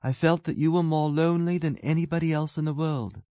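A man's voice: on the high side, steady tone, fairly quick, mellow, dry recording, pitched above the performer's own voice, close to an everyday voice. A man reading a story aloud, voicing a talkative, self-absorbed young man who muses earnestly.

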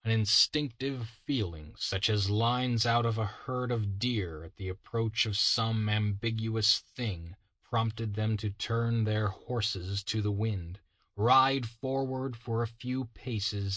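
Guy reading a story real slow, bright voice, dry close mic. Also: lowish voice, steady tone, no echo. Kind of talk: scripted narration.

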